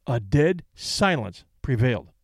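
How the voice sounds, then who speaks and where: A man narrating an audiobook with measured, expressive storytelling. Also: mid-range voice, dry recording, studio quality. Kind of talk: scripted narration.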